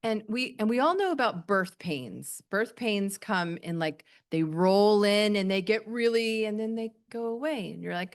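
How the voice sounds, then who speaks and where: A middle-aged woman giving a sermon in a gentle, plainspoken, reassuring way. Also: medium pitch, lively intonation, measured pace, hardly any pauses. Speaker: pastor.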